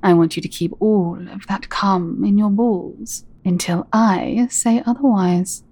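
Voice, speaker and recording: A woman performing a scripted dominant audio role-play, speaking in a teasing, commanding way and often dropping into soft whispers. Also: medium pitch, fairly even intonation, dry recording. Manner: teasing, commanding, slow and deliberate; soft-spoken, drops into breathy whispers.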